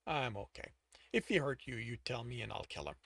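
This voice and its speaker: A man's voice: mid-range voice, animated, fairly quick, creaky, fairly bright tone, slightly rough, no echo, pitched below the performer's own voice, heavily acted. A man reading as a cocky, battered young mercenary. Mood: weak, earnest. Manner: cocky, taunting.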